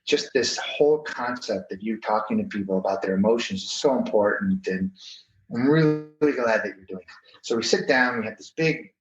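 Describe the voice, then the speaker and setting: A man, a guest on an interview show, telling a story in a lively, casual way and acting out the people in it, with lots of "you know"s. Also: on the low side, fairly quick. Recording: roomy, slightly dull remote audio with faint noise.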